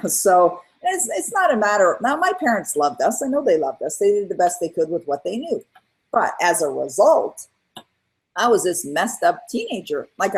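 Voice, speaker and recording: Middle-aged woman guest, lowish husky voice, earnest storyteller who acts out quotes. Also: low-quality recording. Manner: earnest, animated retelling with acted-out quotes. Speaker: guest, author and coach. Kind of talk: candid interview storytelling.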